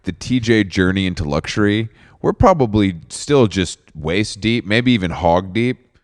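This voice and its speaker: A man co-hosting a podcast, teasing his partner with quick deadpan jokes and frequent laughter. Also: lowish voice, dry recording, studio quality. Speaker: podcast co-host. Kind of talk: casual chat.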